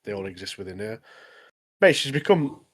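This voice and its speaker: A man co-hosting a casual anime podcast, retelling scenes in an animated, chatty way. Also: fairly low pitch, normal speed. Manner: chatty, says "mate" constantly, animated retelling. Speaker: podcast co-host. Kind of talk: casual anime review chat.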